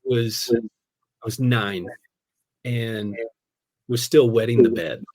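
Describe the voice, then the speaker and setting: A man who is a pastor, telling a personal story in casual conversation. He is animated, laughs often and fills his speech with "like" and "man". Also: medium pitch, slow. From United States. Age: adult, a parent.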